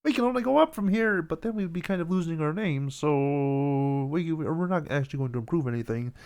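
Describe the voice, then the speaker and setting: Male host doing a goofy frog-puppet voice, raised and bright, halting and rambling. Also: on the high side, expressive, voice pushed up. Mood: cheery. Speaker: podcast host.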